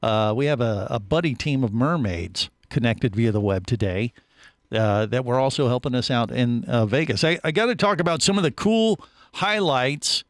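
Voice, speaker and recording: A man hosting a radio show and telling a long story in a studio, voice at an average pitch and very dry, close to the mic. He trips over his words and restarts often, keeping the talk casual and lively. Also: normal speed, dry recording. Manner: animated storyteller, many restarts.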